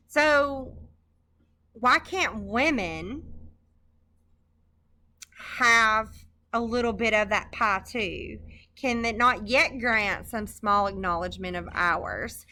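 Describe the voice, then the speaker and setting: A woman's voice: a little high, slow, long pauses, bright, forceful tone. A woman teacher talking through a poem in a recorded screencast lecture, conversational and checking in with her students as she goes.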